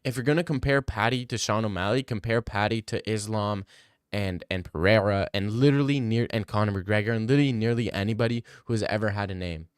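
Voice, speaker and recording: A man's voice: on the low side, fast, smooth, no echo, clean studio sound. A man hosting a casual livestream Q&A, arguing bluntly with chat and swearing freely. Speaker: livestream host answering chat.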